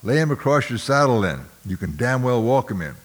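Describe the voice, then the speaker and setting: A man playing a gruff old major. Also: mid-range voice, very animated, brisk, big-room sound, pitched above the performer's own voice. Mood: commanding. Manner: gruff, commanding, impatient. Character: older male soldier, a gruff major on horseback. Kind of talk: audiobook character voice.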